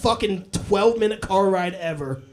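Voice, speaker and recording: A man's voice: sits high, moderate pace. A young adult man performing a live stand-up set, telling loose, profane stories broken up by acted voices. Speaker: stand-up comedian.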